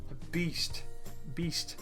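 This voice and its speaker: A man hosting a casual live Q&A stream, reading chat questions aloud in a jokey, laid-back way and laughing easily. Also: extremely slow. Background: faint upbeat music.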